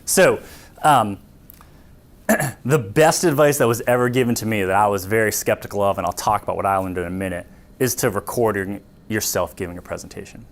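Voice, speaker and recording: A middle-aged man giving a conversational workshop talk to students on pitching, often checking in with "right?". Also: fairly quick. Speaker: pitching coach.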